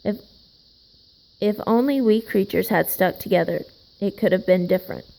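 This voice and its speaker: A small young rabbit from a picture book, thoughtful and sad, as a woman reading puts him on. He speaks softly, with a gravelly edge. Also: mid-range voice, normal speed, rough recording. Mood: wistful.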